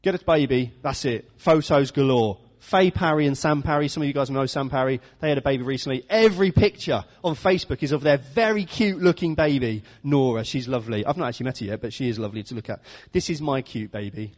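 A man's voice: mid-range voice, expressive, quick pace, few pauses. A man preaching an informal sermon, chatty and self-deprecating, often laughing at his own stories. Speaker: pastor. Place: church hall. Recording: echoey church hall.

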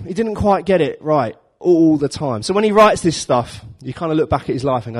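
A man delivers a relaxed, conversational sermon. He tells the story with jokes and slips into little acted-out voices for the characters, keeping it light and chatty. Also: on the high side, moderate pace, few pauses. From London. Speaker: preacher. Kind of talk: informal sermon.

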